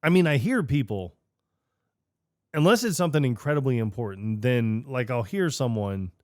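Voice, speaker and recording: A man's voice: medium pitch, moderate pace, no echo, clean studio sound. Playful, stubborn man on a chatty podcast. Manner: playful, stubborn, jokey deadpan asides. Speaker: podcast co-host. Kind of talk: casual podcast chat.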